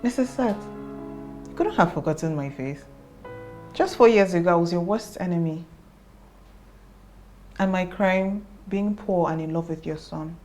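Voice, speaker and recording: An actress playing a composed young doctor with a Nigerian accent, speaking firmly and calmly. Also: female voice, lowish voice, a little slow, pauses often, soft background music, lightly acted. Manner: firm, calming. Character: composed young female doctor, firm but kind.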